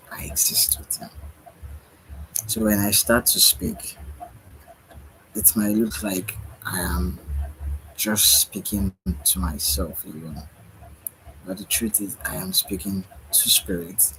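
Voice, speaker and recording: A spiritual speaker with a low, fairly bright voice muses slowly through a late-night monologue, tired and punctuating his words with sighs and yawns. The audio is poor, with a little hiss or hum.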